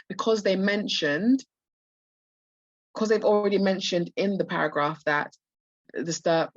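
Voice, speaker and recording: Hoarse woman tutoring over dull call audio. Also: low voice, no echo. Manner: explains answers with many restarts and fillers. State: losing her voice. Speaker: medical school admissions tutor. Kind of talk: live online practice test walkthrough.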